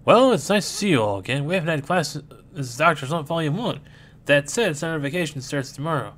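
Man, comic reading, bright voice, animated character voices. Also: on the high side, fairly quick. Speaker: comic reader. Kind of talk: reading a manga aloud, doing all the voices.

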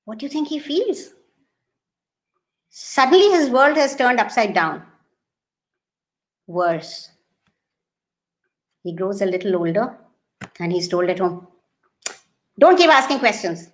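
A woman with an Indian accent giving an animated storytelling talk, slipping into Hindi now and then and acting out voices. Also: mid-range voice, slow pace, long pauses. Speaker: storyteller and educator.

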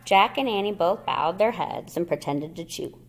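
A woman teacher reading a children's chapter book aloud, telling it in a slow, expressive way. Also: on the low side, creaky.

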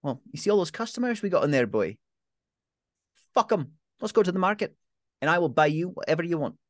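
A man putting on a gruff, big-hearted pub landlady in her late thirties, her voice pushed up higher than his own. She talks brusquely but warmly, in a dry, close sound with no room around it. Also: animated, brisk, no room sound, natural voice. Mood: defiant, warm. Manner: gruff, then softening and tender. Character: tough but caring Glasgow pub landlady, late 30s.

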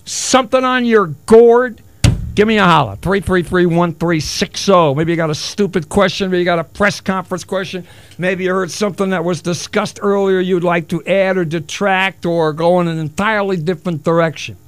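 A man's voice: high voice, steady tone, brisk, no echo. A middle-aged man hosting a solo radio talk show, rambling and wisecracking with self-mocking asides. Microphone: studio broadcast mic.

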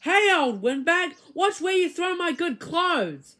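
A screeching, hissing schoolboy hurls insults in a high voice that leaps all over the place, as a woman reading aloud puts him on. He is rude and hostile to everyone around him. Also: sing-song, normal speed, a bit bright. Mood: angry. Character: rude, foul-smelling new boy in raincoats.

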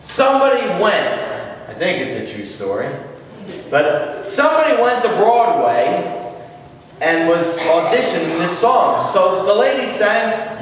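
A man preaching a sermon as pastor, telling stories and jokes with slow emphasis, recorded in a church sanctuary from a distant room mic. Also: high-pitched, sing-song, a little hiss or hum. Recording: echoey church hall from far off.

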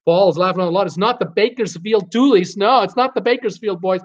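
Chatty man hosting a live trivia stream, slightly higher voice, dull lo-fi audio, lots of ums. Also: a little fast. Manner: chatty, reads viewer names and answers, frequent uh fillers. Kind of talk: casual live-stream chat.

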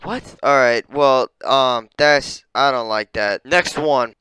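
A young man reacts to things on his screen in his bedroom, excitable and profane. His voice is smooth and resonant at a middle pitch, dropping to mumbles and then jumping up in loud disbelief. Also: slow pace, hardly any pauses. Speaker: streamer ranking animals. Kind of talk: casual reaction commentary.

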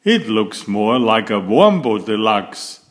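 A man's voice: fairly low pitch, sing-song, slow. A man voicing a teasing schoolboy, jeering and then sulky, in a storybook reading.

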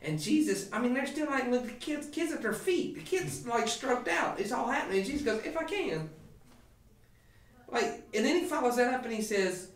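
A man, a pastor, talking through a scripture passage on a podcast in an emphatic, animated preaching way with frequent restarts. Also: very high-pitched, fairly quick, few pauses, reverberant, distant mic. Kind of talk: podcast sermon talk.

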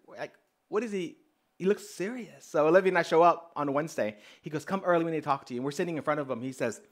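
A man preaching as a pastor, telling a personal story in an animated way and acting out the dialogue. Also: on the high side, fast. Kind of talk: storytelling sermon.

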